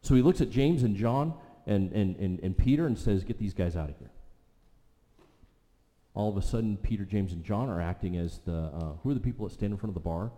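A man preaching a sermon, retelling a scripture story with vivid asides, slowing down and dropping to a soft voice for emphasis. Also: on the low side. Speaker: pastor. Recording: long reverb of a large hall.

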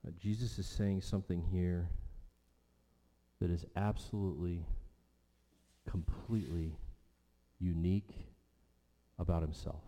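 A man's voice: low-pitched, fairly even intonation, measured pace, long pauses, dark tone. A man preaching a sermon as pastor, with an emphatic delivery that rises and falls. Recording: long church hall reverb.

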